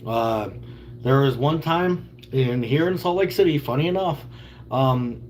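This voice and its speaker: A man's voice: mid-range voice, unhurried, a little mellow, slight background noise. 30-something guy on a stream, rambly and jokey, just reading chat and answering. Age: 30s. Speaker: livestreamer. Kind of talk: casual chat with viewers.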